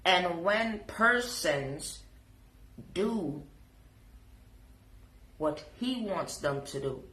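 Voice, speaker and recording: A woman's voice: lowish voice, lively intonation, drawn-out words, a bit bright, echoey room. A woman with a Jamaican accent, scolding and preaching in a sassy live reaction rant. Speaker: social media commentator.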